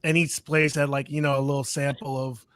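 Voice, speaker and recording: A man on a casual podcast, telling stories in a relaxed way with small chuckles. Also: medium pitch, brisk, dry recording. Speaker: podcast co-host. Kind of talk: casual chat.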